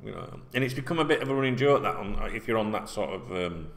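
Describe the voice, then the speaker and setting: A man's voice: lowish voice, animated, fast talker, creaky, fairly bright tone. A man, ranting casually and bluntly to camera as a football vlogger, swearing often and rambling between topics. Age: 40s.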